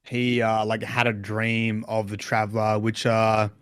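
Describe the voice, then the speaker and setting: A man's voice: fairly low pitch, little pitch movement, a little slow, clean tone, no room sound. Dry-sounding man musing on game lore. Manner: speculative, hedging with fillers. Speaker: podcast co-host. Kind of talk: casual chat.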